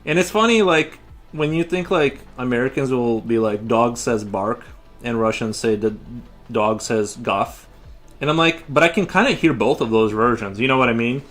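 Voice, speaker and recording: A man's voice: mid-range voice, lively intonation, moderate pace, a bit bright, faint music behind. A man chatting casually on a live stream while he draws, rambling with frequent restarts and fillers. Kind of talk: casual livestream chat. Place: home studio while drawing.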